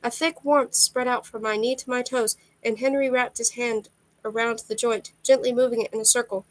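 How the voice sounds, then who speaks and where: A woman reading a novel aloud in steady first-person narration, with occasional slips. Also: on the high side, normal speed, poor audio. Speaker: amateur reader.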